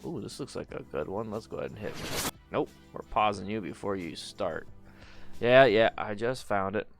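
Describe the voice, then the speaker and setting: A man's voice: lowish voice, expressive, moderate pace, gravelly, faint music behind. A tired, just-woken man hosting a casual live stream about motorcycles, chatting loosely, greeting viewers and humming to himself. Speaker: motorcycle channel host.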